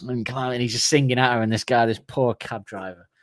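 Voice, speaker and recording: A man's voice: medium pitch, steady tone, fast talker, no room sound, clean studio sound. A man co-hosting a podcast, rambling through comic stories in casual chat and acting out other people's voices. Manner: rambling storyteller, acts out voices in quotes. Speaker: podcast co-host.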